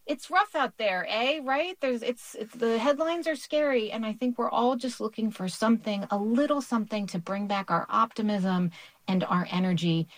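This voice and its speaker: A woman's voice: a little high, normal speed, dry recording. A woman author answering radio interview questions, explaining research in an upbeat, explanatory way with light laughs. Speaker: author guest.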